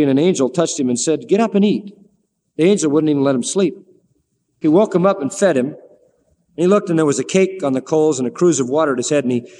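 Male preacher, folksy storytelling sermon, acts out the scripture voices, long hall reverb. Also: a little mellow. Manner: folksy, acts out biblical voices with big pitch swings.

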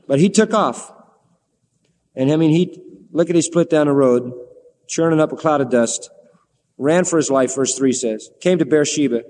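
A man delivering a sermon, recounting the story with animated energy and voicing the lines he quotes. His voice sits a little high for a man. The sound carries a long hall reverb. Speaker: preacher.

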